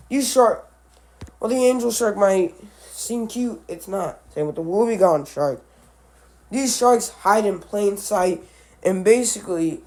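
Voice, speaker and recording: Slow, halting male animal vlogger. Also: sits high, darkish tone. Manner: halting, with frequent restarts and self-corrections; offhand, musing asides. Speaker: animal video creator. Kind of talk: casual commentary on animal matchups.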